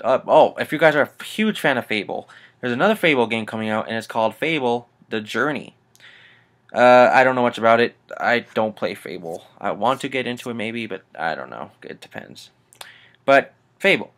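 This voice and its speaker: Dude doing a gaming news vlog, rambly and sweary, kinda irritated. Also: male voice, mid-range voice, fairly bright tone. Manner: rambling, swearing, annoyed asides. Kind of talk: casual rant to camera.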